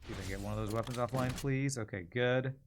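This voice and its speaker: A man's voice: mid-range voice, fast talker, slight background noise. A man streaming a video game, chatting casually and answering viewer questions while he plays. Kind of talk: casual gameplay commentary.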